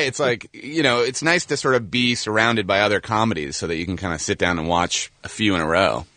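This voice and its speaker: Chatty guest, low bright voice. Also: male voice, brisk, hardly any pauses, dry recording. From Boston area. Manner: self-deprecating, laughs often, loose and chatty. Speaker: actor guest. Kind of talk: casual radio interview chat.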